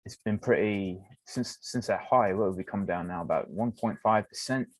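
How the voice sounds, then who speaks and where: A man's voice: fairly low pitch, normal speed, dry recording. A man co-hosting a trading stream, joking around in casual chat between market remarks. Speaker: co-host trader.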